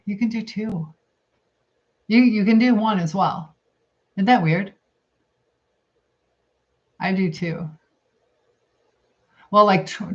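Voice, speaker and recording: Chatty middle-aged woman, live stream host, thinking out loud, muffled lo-fi sound. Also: medium pitch. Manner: chatty, rambling, thinks aloud while eating. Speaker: livestream host. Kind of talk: casual live chat reading comments. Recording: dull lo-fi stream audio.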